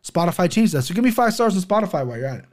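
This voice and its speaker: A man's voice: high-pitched, very animated, very fast, darkish tone. Rambling, foul-mouthed male podcast host. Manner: profane, rambling, stumbles over names. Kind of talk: casual solo podcast chat.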